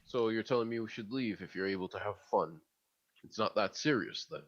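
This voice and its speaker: A man's voice: on the low side, fairly quick, echoey room, dull audio. A man playing a tabletop game, with dry, exasperated banter. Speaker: player.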